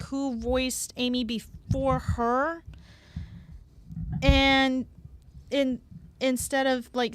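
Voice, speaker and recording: A woman talking as a guest on a casual gaming podcast, halting and full of fillers and repeated words. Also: sits high.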